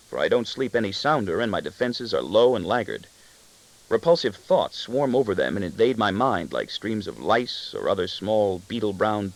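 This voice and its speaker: A man's voice: fairly low pitch, gravelly, poor audio. A man narrating a literary novel in the first person, introspective and wry. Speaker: audiobook narrator.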